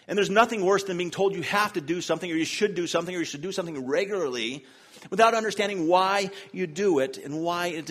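A man from the US South preaching a sermon in church, telling self-deprecating stories with humor. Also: fairly high pitch. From Charlotte, North Carolina, US. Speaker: pastor. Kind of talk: sermon with personal storytelling.

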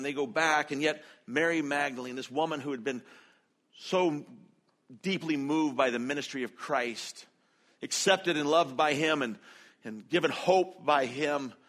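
A man's voice: on the high side, a bit bright. A man preaching a sermon as pastor, earnest and conversational, acting out quoted lines with feeling.

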